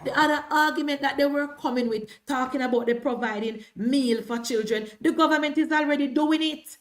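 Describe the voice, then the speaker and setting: A Jamaican woman with a high-pitched voice delivers live-stream political commentary. She talks in an emphatic, combative way, repeating her points again and again to drive them home. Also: brisk.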